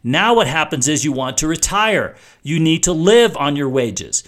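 Middle-aged man, talk radio host, slightly high voice, chatty and explanatory. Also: fairly bright tone. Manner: conversational, explanatory, frequent restarts. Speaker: radio finance show host.

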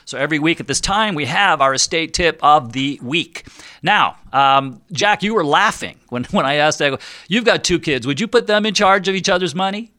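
Bright, crisp-voiced radio host. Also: male voice, a little high, animated, normal speed, no room sound, clean studio sound. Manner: jokey, chatty, self-deprecating. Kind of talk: radio talk show.

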